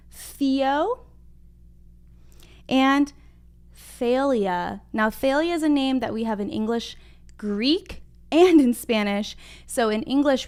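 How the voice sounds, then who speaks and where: Clear-voiced woman teaching phonics. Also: fairly high pitch, darkish tone. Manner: encouraging, sounds out letters slowly and clearly. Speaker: kindergarten reading teacher. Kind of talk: livestreamed phonics lesson. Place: home room at a whiteboard.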